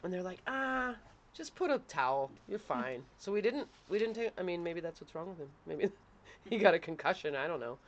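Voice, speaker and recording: A woman's voice: lowish voice, expressive, a little fast. A woman co-hosting a casual chat, telling family stories bluntly and swearing freely. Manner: blunt, swears freely, laughs mid-story. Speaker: podcast co-host and parent.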